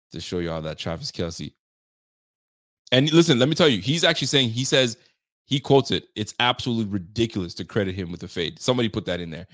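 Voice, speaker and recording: A man hosting a casual live stream, reacting with incredulous, animated talk and frequent laughter. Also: fairly low pitch, dry recording, clean studio sound. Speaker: show host.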